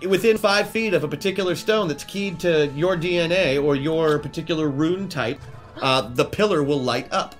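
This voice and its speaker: A man running a live tabletop game, narrating in a playful, descriptive way. His voice sits a little high, with faint music underneath. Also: moderate pace. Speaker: game master.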